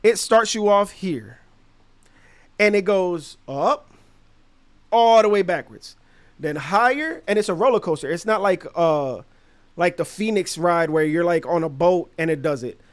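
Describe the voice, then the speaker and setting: High-voiced New man telling a story. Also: unhurried, no echo. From Brooklyn, New York. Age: 30s. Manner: animated, slangy, acts out the people in his story. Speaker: podcast host. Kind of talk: casual storytelling.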